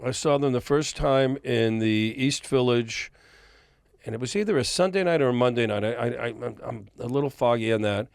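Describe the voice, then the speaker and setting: An older man from the music industry, appearing as a podcast guest, spins long stories and acts out the dialogue with animated flair. His medium-pitched voice moves at a normal speed, creaky yet clear and resonant. The recording is dry, with clean studio sound.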